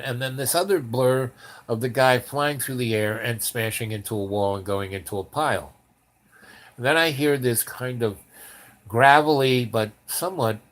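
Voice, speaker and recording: A man in his seventies telling a long personal story in a meandering way, with many fillers and restarts. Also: medium pitch. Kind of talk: rambling spoken anecdote.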